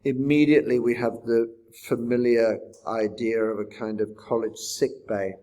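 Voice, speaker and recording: A man's voice: medium pitch, dark tone. A man teaching a poetry lesson in a reflective manner, often putting rhetorical questions to his listeners. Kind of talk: poetry lecture.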